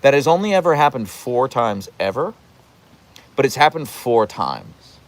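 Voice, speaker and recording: Lively chatty man on a live stream. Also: medium pitch, unhurried. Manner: chatty and animated, acting out his dogs in funny voices. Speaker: host answering live chat. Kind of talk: casual live-stream chat. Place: outdoors in light rain.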